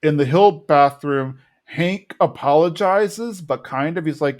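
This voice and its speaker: A man's voice: on the high side, unhurried, few pauses, a little mellow. Casual man recapping a show. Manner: retells scenes, briefly mimicking characters. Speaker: podcast co-host. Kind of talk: casual episode recap chat.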